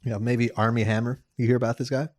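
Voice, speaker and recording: A man's voice: medium pitch, flat delivery, fast talker, a little mellow. A young man co-hosting a podcast, chatting casually, laughing often and joking crudely. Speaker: podcast co-host. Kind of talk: casual chat.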